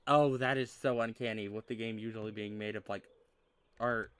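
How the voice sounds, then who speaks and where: A man streaming a story game, reading its dialogue aloud and thinking out loud, swearing often and using lots of fillers. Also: on the low side, steady tone, normal speed, smooth.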